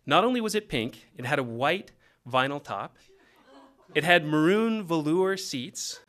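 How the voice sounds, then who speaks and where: A middle-aged man from Texas telling a comedic story from his teenage years with a wry, animated delivery. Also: a little high.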